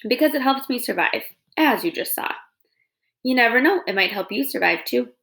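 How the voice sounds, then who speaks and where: A woman's voice: a little high, animated, normal speed, vocal fry, a bit bright. A woman voicing a theatrical possum lady. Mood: eager. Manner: dramatic, gushing, eager to please. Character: chatty theatrical female possum. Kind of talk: reading a children's novel aloud.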